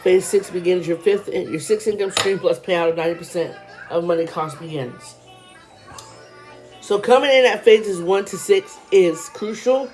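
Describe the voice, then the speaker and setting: Speaking in a lowish, darkish voice over faint music, a woman vlogger explains a money program in a casual way. She reads numbers fast, chats to her viewers in between, and seems a little short of breath.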